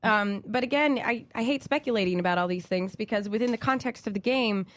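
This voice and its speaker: A woman's voice: mid-range voice, fairly quick, fairly bright tone. A woman co-hosting a casual talk show, chatty and rambling as she brings up news items. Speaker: podcast co-host. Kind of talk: casual chat.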